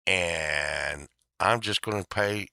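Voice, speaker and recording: A wry, laid-back judge lays out his terms in a low, offhand voice, as a man quotes him. The delivery is slow and unhurried. The sound is dry and close. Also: vocal fry, bright, forceful tone, no room sound, heavily acted.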